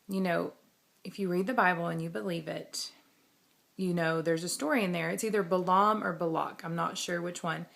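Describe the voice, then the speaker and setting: Chatty woman with a gravelly edge. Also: lowish voice, fairly bright tone. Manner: rambling and talkative, laughs often. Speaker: vlogger. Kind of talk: casual chatty vlog.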